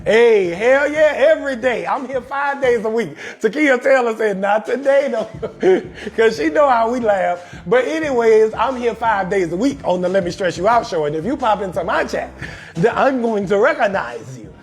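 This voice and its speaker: A young adult male comedian hosting a live talk show, riffing loudly with crude advice and calling out viewers in his chat. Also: extremely high pitch, expressive, moderate pace. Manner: loud, brash, riffing, shouting out viewers in chat. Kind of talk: profane comedic advice monologue on a livestream.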